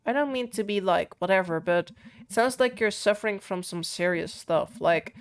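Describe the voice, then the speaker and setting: A woman's voice: medium pitch, normal speed, smooth, lightly acted. A woman reading the lines of a blunt but caring young woman friend, frank and offhand. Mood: concerned.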